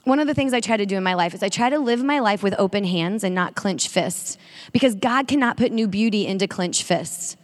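A woman giving an energetic sermon-style talk to a women's audience, drawing call-and-response. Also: medium pitch, fairly quick. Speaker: speaker at a women's faith event. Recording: long reverb of a large hall.

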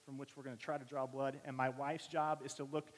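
Animated preacher in a reverberant hall. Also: male voice, mid-range voice, brisk. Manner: animated storytelling, acts out voices of family members. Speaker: pastor. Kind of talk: sermon with personal stories. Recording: long reverb of a large hall.

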